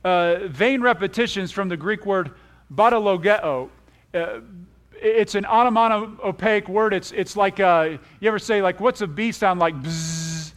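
A man preaching a folksy, animated sermon, often laughing and saying amen. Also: high voice, moderate pace. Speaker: pastor.

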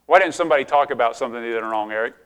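A man's voice: medium pitch, rapid-fire, a bit bright, clear, resonant tone. A middle-aged male pastor preaching a sermon in a conversational way, asking the congregation questions and often restarting his sentences.

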